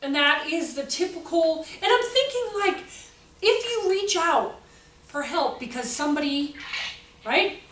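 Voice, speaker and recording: A woman in her forties giving a jokey, animated talk to an audience about children's behavior and acting out the quotes. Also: very high voice, measured pace. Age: 40s. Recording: echoey hall, voice from far off, faint noise.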